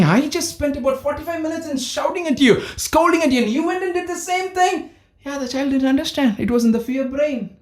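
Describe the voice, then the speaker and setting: A man's voice: sits high, darkish tone, echoey room. A man giving an emphatic talk on parenting, often repeating his key points for stress. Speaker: parenting speaker.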